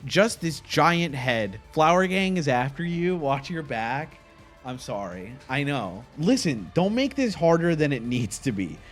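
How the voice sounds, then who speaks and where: A man's voice: a little high, a little slow. Young guy streamer laughing a lot, voice jumps all over, faint music behind. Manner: excitable, laughing, animated reactions. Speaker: streamer host. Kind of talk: casual stream commentary.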